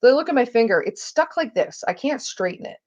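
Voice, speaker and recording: A woman vlogger tells stories casually as she cooks in her home kitchen, swearing freely and acting out the people she quotes. Her voice is a little high and darkish in tone, animated and fairly quick. The audio is dull.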